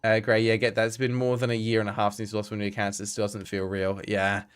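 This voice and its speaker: A man's voice: fairly low pitch, little pitch movement, quick pace, clear, resonant tone. A young man streaming a game, chatting to viewers with wry asides and the odd swear. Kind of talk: casual live-stream gameplay commentary.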